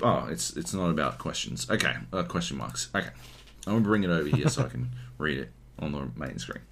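A man's voice: low-pitched, brisk, vocal fry, breathy edge. An Australian man from Queensland co-hosting a podcast in casual chat, often swearing and ranting. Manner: swears a lot, animated ranting. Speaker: podcast co-host.

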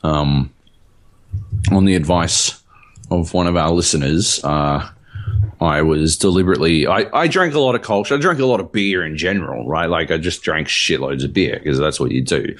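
Low-voiced man, rambling and profane. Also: normal speed, a bit bright. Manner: rambling, profane storytelling with many fillers. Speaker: podcast co-host. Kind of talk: casual chat.

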